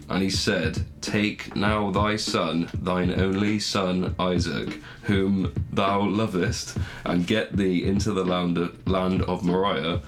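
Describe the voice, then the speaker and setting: A hungover man, co-hosting a podcast, reading scripture slowly and stumbling, laughing and swearing casually between verses. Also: low voice. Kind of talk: casual chat and slow halting reading.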